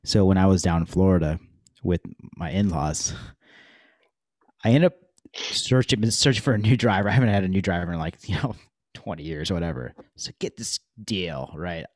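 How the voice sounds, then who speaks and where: A man in his forties tells a story with animated, chatty energy. His voice sits low. The sound is close and dry, with no room around it. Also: normal speed, dry recording. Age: 40s. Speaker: podcast guest. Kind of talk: casual storytelling.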